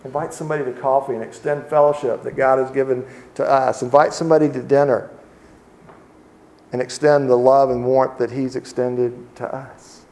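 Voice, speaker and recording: A man preaching an Advent sermon in a relaxed, conversational way, often pausing and restarting his sentences. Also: mid-range voice. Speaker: pastor.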